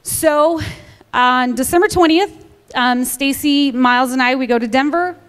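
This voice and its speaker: A woman in her thirties with a high, bright voice tells her personal story to a church congregation. She is a lively storyteller who acts out the dialogue, and her voice carries a long echo through a large church hall. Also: measured pace, clean tone. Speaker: church member giving a testimony. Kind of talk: personal testimony told to a congregation.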